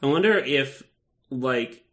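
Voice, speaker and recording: A man's voice: mid-range voice, animated, slow, fairly bright tone. A man co-hosting a podcast in casual chat, rambling with many restarts and some swearing. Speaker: podcast co-host.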